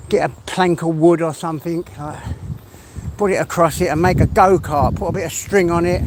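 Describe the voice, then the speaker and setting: A middle-aged English man chatting casually as he walks his dog, rambling and talking to the dog now and then. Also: on the high side. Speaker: vlogger walking his dog. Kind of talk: casual vlog chat. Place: outdoors in the countryside by a river. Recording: clear outdoor background noise.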